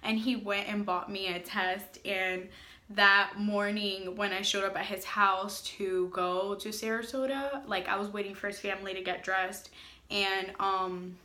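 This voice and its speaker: A woman's voice: medium pitch, little pitch movement, a little slow, pushed and bright, roomy sound. A young adult woman chatting casually in a storytime vlog, full of filler words and "like". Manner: chatty, filler-heavy, lots of "like". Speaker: family vlogger.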